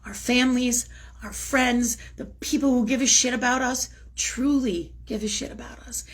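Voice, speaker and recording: A woman's voice: on the high side, fairly even intonation, normal speed. Effusive woman hosting a spiritual live-stream. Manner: effusive, repeats words, swears casually. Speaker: host of a live spiritual talk show. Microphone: live-stream setup.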